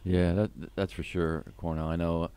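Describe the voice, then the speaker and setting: Very deep-voiced radio host. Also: male voice, level tone, dark tone, clean tone, no echo. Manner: measured, asks long questions. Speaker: radio show host, athletic director. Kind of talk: radio interview. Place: radio studio.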